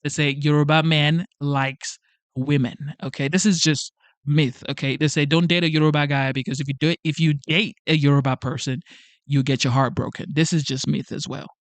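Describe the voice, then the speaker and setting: A man's voice: on the high side, fairly even intonation, moderate pace, no echo. A Nigerian man with a Nigerian accent hosting a livestream, rambling casually and reading out viewer comments, with lots of "like" and "okay?". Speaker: livestream host.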